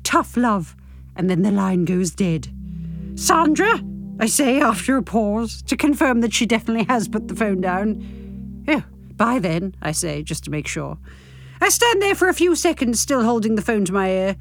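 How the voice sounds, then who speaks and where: A woman's voice: medium pitch, expressive, normal speed, over music. A woman hosting a podcast who chats in a self-deprecating way and reads aloud from her own novel. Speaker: host, author reading her novel. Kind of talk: podcast chat and reading aloud.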